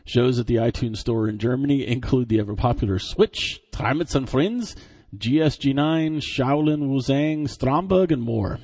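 A male podcast host reads tech news items and drops in wry, dry asides between them. His voice is mellow and soft-edged, with a slightly husky grain. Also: medium pitch. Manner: dry, joking commentary between scripted items.

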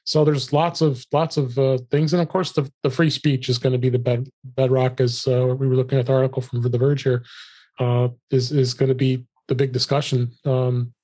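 A man co-hosting a casual panel discussion, talking haltingly with many fillers. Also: medium pitch, level tone, mellow. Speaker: co-host.

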